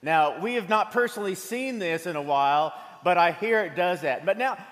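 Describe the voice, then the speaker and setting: A man's voice: sits high, lively intonation, moderate pace, fairly bright tone. A man preaching a sermon as pastor, mixing jokes and stories into his message in a church. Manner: humorous, storytelling. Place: church sanctuary. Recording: long hall reverb from a church sanctuary.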